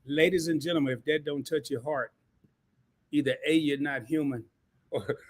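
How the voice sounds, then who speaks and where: A man's voice: on the high side, steady tone, moderate pace. A man hosting a live stream in a chatty, rambling way, hyping up his audience. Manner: chatty, rambling, repeats himself, hypes the audience.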